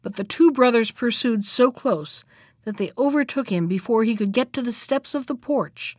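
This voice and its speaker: A woman reads a classic fairy tale aloud in a measured, steady narration. Her voice is on the higher side and recorded dry and close, with no room around it. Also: dry recording.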